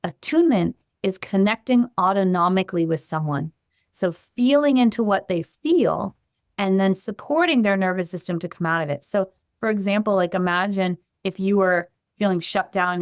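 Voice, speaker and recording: A woman guest on a podcast explaining her practice in an animated way, acting out the voices of the people in her examples. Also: medium pitch, moderate pace, no echo, studio quality. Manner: animated, acts out the quotes she gives. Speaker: guest, somatic trauma practitioner.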